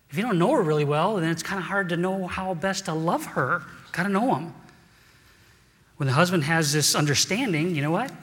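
A man delivers a sermon in a relaxed, conversational manner, often turning to speak directly to the men listening. His voice sits a little high for a man. A long reverb trails off each phrase. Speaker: pastor.

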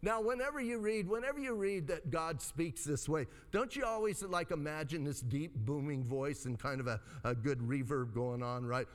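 Animated male preacher in a reverberant hall. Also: moderate pace, hardly any pauses. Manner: animated, conversational preaching with dramatic pitch swings. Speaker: pastor. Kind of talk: sermon.

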